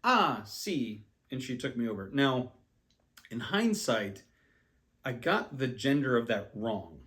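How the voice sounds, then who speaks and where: A man's voice: mid-range voice, sing-song, a little slow. A man casually telling a personal travel story, rambling with many ums and restarts, self-deprecating about his skills. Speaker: language learner.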